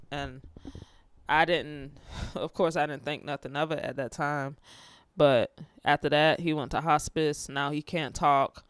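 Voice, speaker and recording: Young woman, candid storytelling, smooth clear voice, dry close sound, emotional, restarts often. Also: sits low, fairly even intonation, measured pace, no echo. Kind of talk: casual personal storytelling.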